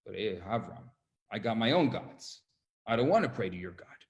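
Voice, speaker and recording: A man voicing a stubborn traveler who grumbles low as he refuses. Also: big pitch swings, normal speed. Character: stubborn old-world traveler refusing a new god.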